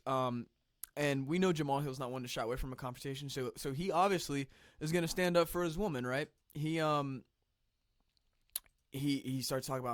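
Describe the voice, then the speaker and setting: A man hosting casual reaction commentary. He talks conversationally with restarts and clears his throat now and then, a little phlegmy from the cold. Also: medium pitch, fairly even intonation, a little fast, no room sound, studio quality. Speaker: commentary channel host.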